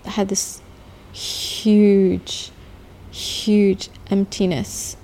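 A woman in her thirties, an interviewee telling her own story in slow, halting testimony with long pauses. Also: medium pitch, flat delivery, warm tone. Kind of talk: personal testimony. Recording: faint music beneath.

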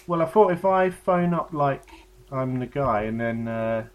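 A man's voice: mid-range voice, expressive, a little slow, slight background noise. A man in casual comedic banter, teasing and often giggling as a co-host.

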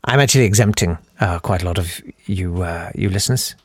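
A man's voice: low-pitched, brisk, slightly rough, no room sound, studio quality. A man hosting a podcast, delivering a sarcastic, ranting comic monologue to his listeners. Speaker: podcast host.

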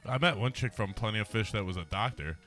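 A man's voice: fairly low pitch, lively intonation, fast, pushed and bright, soft background music. A man chatting casually over a video game with a dry, teasing manner. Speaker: gamer chatting with a friend. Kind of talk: casual chat over gameplay.

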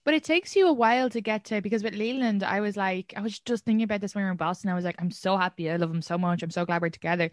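An Irish woman hosts a casual podcast chat, rambling along with plenty of "like" in her sentences. Her voice sits at an average pitch for a woman. The sound is dry and close, with no room echo. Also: rapid-fire, hardly any pauses. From Ireland. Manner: chatty, rambling, full of "like". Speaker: podcast host.

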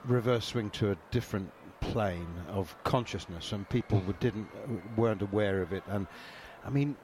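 Male host, measured and deliberate, lowish voice, faint outdoor noise. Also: a little mellow. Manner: measured, reciting stats, hesitant fillers. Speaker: host, interviewer. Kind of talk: casual interview.

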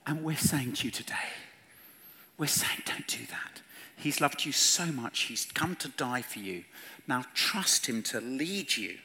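A man preaching an evangelistic sermon, earnest and pleading, swinging from hushed words to loud ones. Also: mid-range voice, lively intonation, measured pace. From England. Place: church hall with audience.

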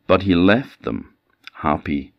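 A man with an Orcadian accent telling a traditional folktale with lively, dramatic delivery. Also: sits low, takes it slowly, vocal fry, no echo, dull audio. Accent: Orcadian Scots. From Orkney Islands. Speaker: traditional storyteller.

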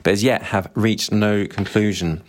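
A man reading the lines of an earnest, gentle young male scholar during a book discussion. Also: lowish voice, steady tone, normal speed, lightly acted. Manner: eager, formal wording.

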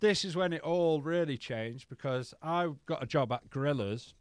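A man who is a podcast guest, telling stories in casual chat, animated and swearing freely. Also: fairly high pitch, normal speed, clean tone, dry recording. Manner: animated, swears freely, acts out remembered dialogue.

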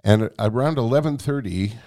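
A man telling a long anecdote as a guest in a conversation, animated and freely swearing. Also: medium pitch, fairly quick. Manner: animated, profane storytelling. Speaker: guest storyteller.

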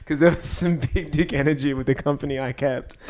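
A man's voice: fairly high pitch, fairly even intonation, a little fast, darkish tone. A man co-hosting a podcast in casual, opinionated chat, often laughing and swearing. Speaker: podcast co-host.

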